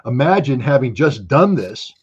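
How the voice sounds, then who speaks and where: A man's voice: medium pitch, very animated, normal speed, husky, dull audio. A man speaking as an interview guest, blunt and sardonic in casual talk. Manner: blunt, sardonic, with short laughs.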